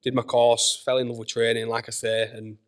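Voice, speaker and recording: Yorkshire male guest, personal trainer, easygoing and loose, mid-pitched, lots of fillers. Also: level tone, brisk. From Leeds, England. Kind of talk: casual podcast chat. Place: gym.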